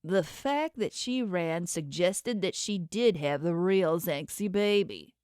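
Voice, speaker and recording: A woman's voice: on the low side, lively intonation, slow, a little mellow, clean tone, dry recording, studio quality. Woman reading a wary, placating male tracker. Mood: defensive. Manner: defensive, placating, stammering under pressure. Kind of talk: audiobook character voice.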